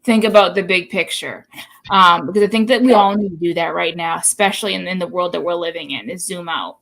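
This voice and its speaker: Podcast host, woman, faint Boston accent, blunt, swears a lot, lively casual talk. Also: fairly low pitch, fairly quick, vocal fry, slight background noise, rough recording. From Boston area. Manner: blunt, swears freely, animated. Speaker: podcast host and tarot reader. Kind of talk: casual chat.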